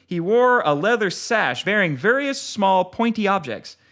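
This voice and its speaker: A man's voice: sits high, very animated, a little slow, fairly bright tone. A man, an author, reading his own novel aloud expressively and then chatting casually as a podcast guest.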